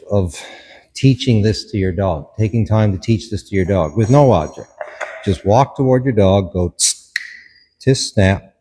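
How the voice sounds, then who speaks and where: A man's voice: fairly low pitch, warm tone, big-room sound, a little hiss or hum. A man, a dog behaviourist, explains a hands-on dog training demonstration in short instructive steps and commands.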